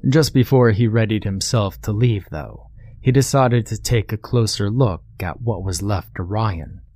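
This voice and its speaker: Guy reading a creepy story, low voice, dry close sound, calm and matter-of-fact. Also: unhurried, no room sound. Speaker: narrator. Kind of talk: scripted horror narration.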